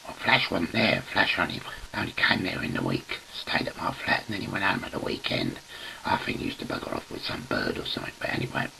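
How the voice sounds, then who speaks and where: Older raconteur, bright gravelly voice, rambling and giggly, swears freely. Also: male voice, low-pitched, huge pitch swings, a little fast, a little hiss or hum, rough recording. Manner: chuckles through his words, swears freely. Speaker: storyteller. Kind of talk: casual anecdote to camera.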